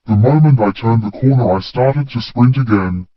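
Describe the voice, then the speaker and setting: A man reading a first-person story in a plain, steady way. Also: medium pitch, moderate pace, dry recording. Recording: dull, dry lo-fi recording.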